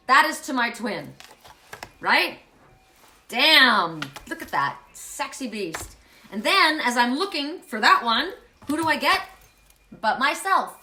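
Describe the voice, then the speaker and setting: A woman doing an oracle card reading on a livestream, talking excitedly, often exclaiming, swearing and laughing. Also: high-pitched, takes it slowly, pauses often, slight background noise. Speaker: intuitive card reader.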